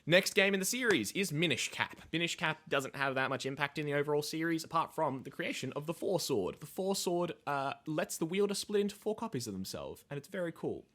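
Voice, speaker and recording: A man's voice: a little high, animated, brisk, few pauses, fairly bright tone. A man hosting a casual podcast, talking through game lore in a rambling, hesitant way with lots of fillers and swearing. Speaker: podcast host, lore explainer. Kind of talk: casual chat, explaining lore.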